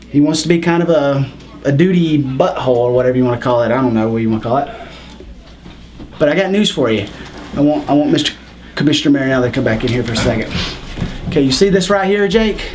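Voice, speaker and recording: A man speaking as a wrestler in an in-character promo, rambling and halting at first, then boastful. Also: mid-range voice, a little mellow, slight background noise.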